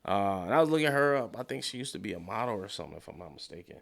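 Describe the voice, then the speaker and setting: A man casually recapping a TV episode, animated and slangy, with frequent swearing and acted-out character lines. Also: lowish voice, racing, vocal fry. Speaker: TV show recap commentator.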